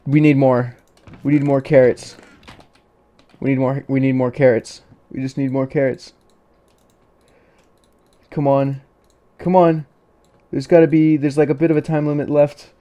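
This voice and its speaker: A man's voice: medium pitch, level tone, measured pace, pauses often, dull audio. A man doing let's play commentary of a game, exasperated and pleading, with jokey asides. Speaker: gaming youtuber.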